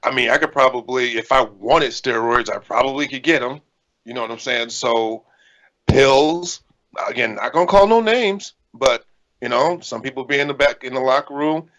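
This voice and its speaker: A man's voice: mid-range voice, moderate pace, fairly bright tone, low-quality recording. A man in his thirties, co-hosting a podcast and talking in a candid, rambling way. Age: 30s. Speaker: podcast co-host, indie wrestler. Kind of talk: casual podcast chat.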